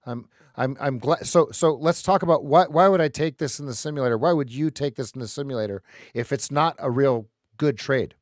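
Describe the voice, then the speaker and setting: Male live-stream host, mid pitch, dry close sound, animated and joking, doubles his words. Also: fairly quick, few pauses, no echo.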